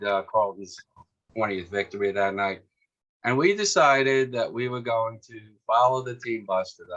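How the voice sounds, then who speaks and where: A man's voice: on the low side, pushed and bright. A man in his sixties, a guest author telling a long anecdote with many fillers and restarts, with a New York accent. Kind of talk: storytelling in an interview. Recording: muffled lo-fi audio.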